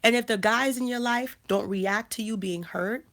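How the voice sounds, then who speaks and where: Emphatic woman in her thirties, higher voice. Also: moderate pace, a bit bright. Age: 30s. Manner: emphatic, repeats phrases, frequent restarts. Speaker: life coach and channel host. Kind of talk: casual livestream talk.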